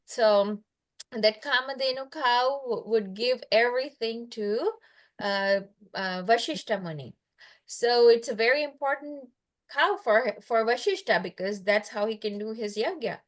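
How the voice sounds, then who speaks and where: A woman's voice: fairly high pitch, a little slow. A woman casually telling a story to a child over a video call, chatty and full of fillers, stopping to quiz her listener.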